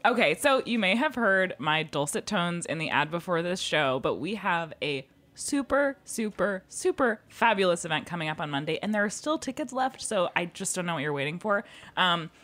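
Into a studio microphone, a radio program manager co-hosting a show reads announcements with playful enthusiasm. Her fairly low voice is a bit bright, swings widely in pitch, and moves at a normal speed as she chats casually.

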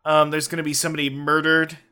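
Man, podcast co-host, bright tense voice, giggly rambling chat, higher pitch. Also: completely flat delivery, fast talker, smooth. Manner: rambling, giggly, profane banter. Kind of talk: casual chat.

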